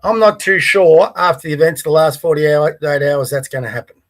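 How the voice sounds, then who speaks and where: An Australian podcast host with a somewhat high voice runs his morning livestream by the bay in Melbourne. He speaks at a moderate pace, rambling casually with plenty of fillers as he offers commentary and reads from the Bible.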